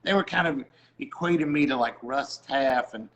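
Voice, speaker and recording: A man's voice: mid-range voice, moderate pace, fairly bright tone, rough recording. A middle-aged man, a music producer, chatting about faith and music and acting out the people he quotes as he tells a story. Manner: storytelling, acts out quoted voices. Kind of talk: casual faith talk.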